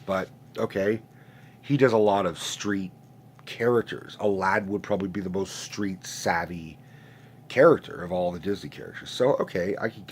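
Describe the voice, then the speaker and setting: A man's voice: deep voice, slight background noise. A man in his late twenties who sounds stuffed up from a sinus infection, hosting a casual, profane, rambling rant with many restarts. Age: late 20s. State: congested, stuffed-up nose. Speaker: host.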